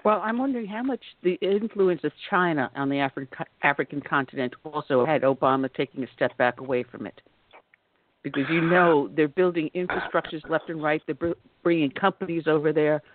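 A woman's voice: sits low, fairly quick. A woman hosting a political talk radio show, speaking emphatically. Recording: phone-line quality.

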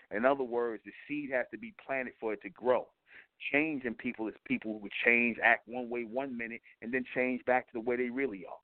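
A man's voice: medium pitch, steady tone, a little fast. A man with a mid-range voice lectures his radio audience in a blunt, profane, sermon-like monologue. He circles back on his points and keeps checking in with his listeners. The sound is thin and tinny, as if it came down a phone line, and it is dry, with no room echo. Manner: preachy and repetitive, keeps asking "you see?". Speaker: internet radio talk show host.

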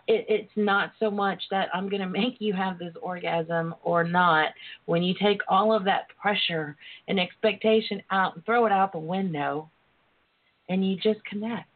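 Over a tinny phone connection, a woman speaks at a moderate pace with medium pitch and fairly even intonation. The guest author and sex educator chats casually on a call-in interview show, earnest and emotional, referring to listeners as darlings.

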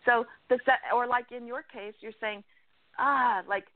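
A woman life coach giving earnest, animated advice as a guest in an interview, often checking in with "right?". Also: a little high, normal speed, no echo. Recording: dry, tinny phone-line sound.

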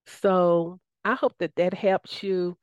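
Excited Southern woman radio host. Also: fairly low pitch, slow, clear, resonant tone, no echo, highs cut off. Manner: enthusiastic, folksy, says y'all. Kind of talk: casual radio talk.

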